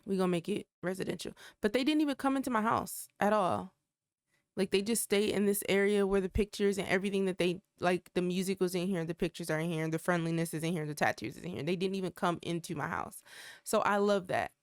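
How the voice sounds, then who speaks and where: A woman's voice: fairly low pitch, fast talker, no room sound, clean studio sound. A woman hosting a life-simulation game channel, giving chatty, exclamatory let's play commentary straight to her viewers. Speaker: gaming channel host.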